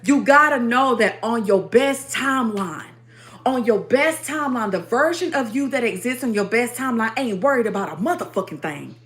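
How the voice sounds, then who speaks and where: A woman's voice: on the high side, lively intonation, moderate pace, fairly bright tone. Emphatic woman preaching affirmations. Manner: emphatic, repetitive affirmations with profanity. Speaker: spiritual livestream host. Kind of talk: motivational spiritual sermon.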